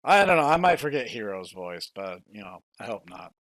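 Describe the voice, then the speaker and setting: A young man hosting a podcast in casual chat, lively and quick to laugh, often stumbling over his words. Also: lowish voice, no echo. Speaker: podcast host.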